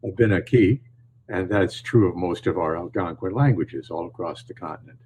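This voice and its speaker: An older man from northern New York, a storyteller answering interview questions in a calm, measured way. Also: low-pitched, a little hiss or hum, low-quality recording. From northern New York, USA. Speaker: storyteller and author, guest. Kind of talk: podcast interview.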